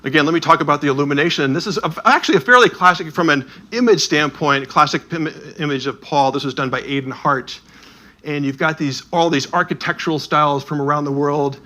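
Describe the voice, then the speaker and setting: A man speaks to an audience, and his voice sits a little high with a bright, forward tone. He tells anecdotes in an animated way, slipping into the voices of the people he met. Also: brisk. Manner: animated anecdotal storytelling with asides. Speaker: speaker touring with a Bible edition. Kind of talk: storytelling talk.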